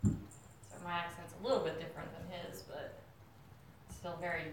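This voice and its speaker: A woman's voice: fairly low pitch, little pitch movement, moderate pace. A woman from Kentucky with a mild accent, chatting casually and laughing often while playing with kittens. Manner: laughs often, talks to the cats. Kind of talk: casual chat. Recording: echoey room, far from the mic, noisy.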